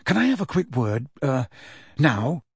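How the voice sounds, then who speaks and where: A man reading an audiobook, voicing an anxious teenage boy who speaks in a hushed, uneasy voice. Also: mid-range voice, big pitch swings, measured pace, slightly rough, no echo, exaggerated voice. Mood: impatient. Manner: hushed, near whisper, uneasy.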